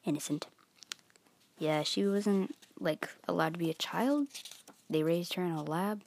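A woman's voice: mid-range voice, measured pace, dry recording. A young woman casually rambling through a manga review with lots of fillers and giggles. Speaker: vlogger. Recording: guitar music playing behind voice.

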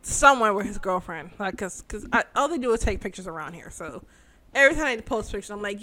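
A woman co-hosting a casual chat, excitable and swearing freely as she acts out her own reactions. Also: mid-range voice, quick pace. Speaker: podcast co-host.

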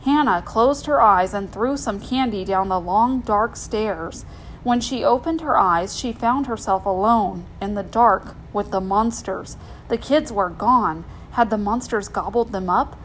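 A woman reading a children's storybook aloud in an expressive, gentle way. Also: mid-range voice, unhurried, slight background noise, low-quality recording.

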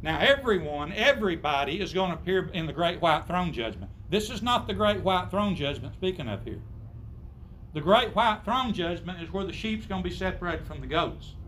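Male preacher, high-pitched, emphatic sermon delivery with rhetorical questions. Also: a bit bright, slight background noise. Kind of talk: sermon to a congregation.

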